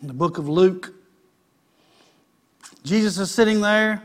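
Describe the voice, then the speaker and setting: A man's voice: high-pitched, unhurried, pauses often. A man preaching a sermon in a folksy, conversational way.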